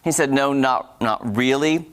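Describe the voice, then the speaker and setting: A woman's voice: rumbling low, unhurried. A woman from Texas giving a chatty, casual review of shows on a morning TV program, talking straight to viewers. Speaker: TV entertainment reviewer.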